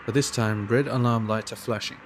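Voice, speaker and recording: A man narrating his game playthrough, reading story text aloud in a plain, steady voice at a medium pitch. A faint noise sits behind him. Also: fairly quick. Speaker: gameplay narrator.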